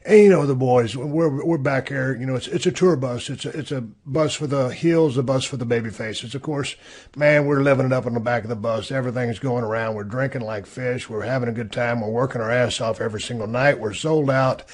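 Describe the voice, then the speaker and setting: Husky-voiced man hosting a podcast. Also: mid-range voice, fairly even intonation, a little fast. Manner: laid-back, rambling, profane. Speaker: podcast host. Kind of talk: casual storytelling. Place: podcast studio.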